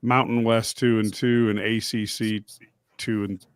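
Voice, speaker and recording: A man's voice: on the low side, little pitch movement, unhurried, no echo. A man hosting a casual sports talk stream, reading out conference records in a plain way. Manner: reads out scores and records plainly. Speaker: show host. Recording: clear background noise.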